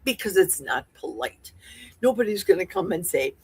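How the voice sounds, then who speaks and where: A woman's voice: mid-range voice, expressive, moderate pace, husky, dry recording. A woman in her sixties from Wisconsin with a Midwestern accent, hosting a livestream in casual, rambling chat with folksy asides while reading viewer comments. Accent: Midwestern American. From Wisconsin, USA. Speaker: livestream host.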